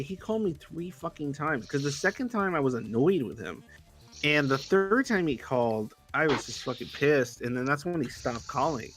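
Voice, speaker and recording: A man's voice: fairly high pitch, fairly bright tone. A young man ranting in casual livestream chat, swearing heavily and sounding exasperated. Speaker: livestream co-host.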